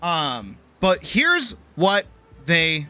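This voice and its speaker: A woman streamer telling a casual, animated story, swearing freely and acting out other people's lines. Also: on the low side, extremely slow, faint music behind. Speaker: streamer and artist.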